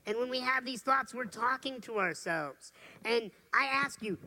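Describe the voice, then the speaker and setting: A man giving an earnest motivational talk, dropping to soft, intimate tones for serious points. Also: very high voice, animated, normal speed, slight background noise. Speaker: motivational speaker.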